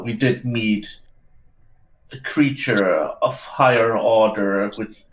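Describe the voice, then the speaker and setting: A man playing in a tabletop role-play, talking in character with hesitant, halting phrasing and frequent restarts. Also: fairly low pitch. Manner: hesitant, many fillers and restarts. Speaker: player. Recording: roomy echo.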